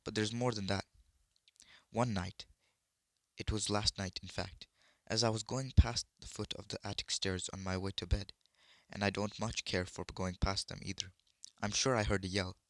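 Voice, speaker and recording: A man voicing a miserable, excitable young boy in a storybook reading, talking in an emphatic rush. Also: lowish voice, dry recording, clean studio sound. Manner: emphatic, wound up.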